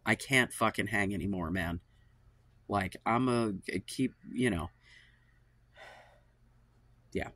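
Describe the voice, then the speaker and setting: A man's voice: lowish voice, takes it slowly, pauses often, pushed and bright, no echo. A man hosting his own channel, venting in an exasperated, profane monologue, sighing and trailing off, fed up and worn out. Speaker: channel host giving dating advice. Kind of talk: frustrated monologue to camera.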